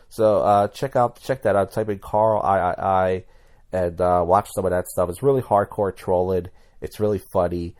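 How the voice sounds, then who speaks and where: A man's voice: deep voice, fairly even intonation, moderate pace, a little mellow. A man talking in a casual commentary vlog as a YouTuber, rambling and blunt, with many restarts.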